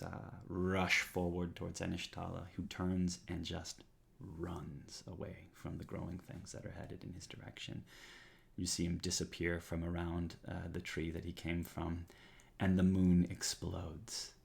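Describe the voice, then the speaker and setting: A man narrating as game master of a tabletop game, describing scenes with frequent pauses and fillers. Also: low voice, completely flat delivery, creaky. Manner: descriptive, hesitant with many fillers.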